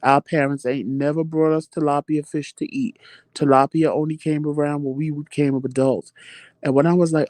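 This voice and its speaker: Man hosting a loose live chat, slightly high voice, dry close sound, swears freely, animated storyteller. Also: normal speed, dry recording. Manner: animated, profane, laughing storyteller. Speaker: livestream chat host. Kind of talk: casual live chat answering viewer comments.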